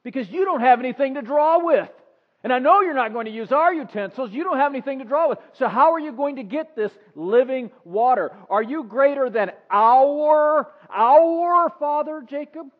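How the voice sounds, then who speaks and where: Man putting on a snarky high Samaritan woman. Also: a little fast. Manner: snarky and sarcastic. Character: sarcastic, weary Samaritan woman at a well. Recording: dull sound with long reverb.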